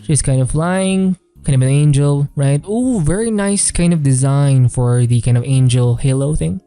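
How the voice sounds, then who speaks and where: Chill guy talking through paintings, lots of um and kind of, warm mellow tone. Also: on the high side, moderate pace, clean tone, faint music behind. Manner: relaxed, rambling, many fillers and "kind of". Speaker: artist reviewing artwork. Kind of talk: casual art commentary.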